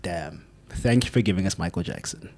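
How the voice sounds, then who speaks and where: A man's voice: sits low, a little fast, darkish tone, husky. Man, easygoing podcast co-host. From South Africa. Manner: laid-back, quotes people with mock voices. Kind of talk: casual chat.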